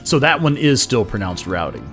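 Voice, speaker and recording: Laid-back Texan man with a lively pitch. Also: moderate pace, faint music behind. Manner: laid-back, teasing, laughs often. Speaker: streamer playing a game. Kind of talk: casual game-stream chat.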